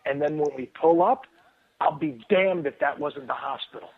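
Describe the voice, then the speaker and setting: A man's voice: a little high, moderate pace, gravelly, breathy edge. Rambling man on a tinny phone line. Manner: excitable, rambling, frequent restarts and fillers. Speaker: guest author. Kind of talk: casual storytelling on a call-in radio show.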